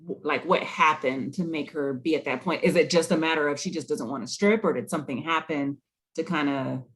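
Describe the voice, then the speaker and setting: A man's voice: on the high side, brisk, a bit bright, slightly rough. A man co-hosting a casual talk show about a TV series, asking questions and thinking aloud. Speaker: podcast co-host. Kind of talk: casual chat about a TV episode.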